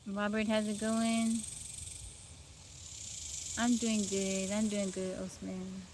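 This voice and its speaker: A woman hosting a casual outdoor livestream, sleepy and relaxed, greeting viewers by name. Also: medium pitch, slow pace, low-quality recording. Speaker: livestream host. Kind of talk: casual live stream chat. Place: outdoors among trees. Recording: outdoor phone stream with bug noise. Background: insects and outdoor ambience.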